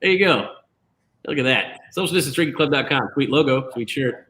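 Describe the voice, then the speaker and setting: A man's voice: mid-range voice, lively intonation, fairly quick, bright, forceful tone, rough recording. A man hosting a casual live-stream chat over a video call, joking and ribbing his co-hosts. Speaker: host.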